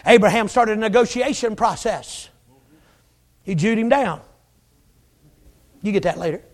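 A preacher with an unusually high voice delivering a sermon. He is folksy and emphatic, with joking asides, and often swells to shouting. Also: a little slow.

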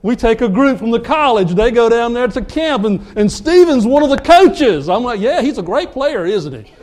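Man, pastor, high-pitched, animated storytelling sermon. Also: moderate pace. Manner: animated storyteller, acts out dialogue.

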